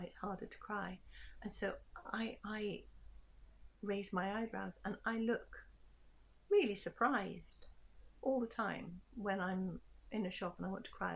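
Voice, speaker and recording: An older woman reflects in a personal vlog, her voice soft, halting and often sinking into a breathy near-whisper. She sounds quietly grieving, with a middle-pitched voice. A faint hum of noise sits behind her. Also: dull audio. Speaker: vlogger.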